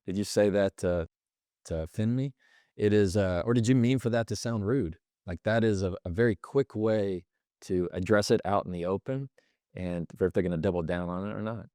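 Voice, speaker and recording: A man with a fairly low voice talks as a podcast guest, walking through everyday examples and slipping into the voices of people he quotes. He is close to the mic in a dry, dead-sounding room. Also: moderate pace, mellow, no echo. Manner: explains with examples, acts out quoted lines. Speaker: podcast guest, communication expert. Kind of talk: conversational explanation.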